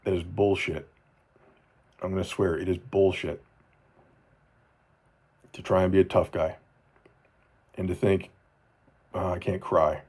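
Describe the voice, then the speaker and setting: A low-pitched man in his forties talks straight to camera for his kids in a personal video journal. His voice is dark and a bit husky, and he speaks earnestly, often falling soft and repeating phrases to drive them home. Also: level tone, a little slow, long pauses. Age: 40s. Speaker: father speaking to his children.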